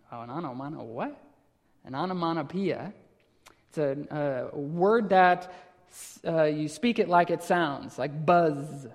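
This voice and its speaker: High-voiced Wisconsin preacher in a reverberant hall. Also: male voice, darkish tone. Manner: explanatory, repeats phrases, builds to emphatic lists. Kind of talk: expository sermon. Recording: long reverb of a large hall.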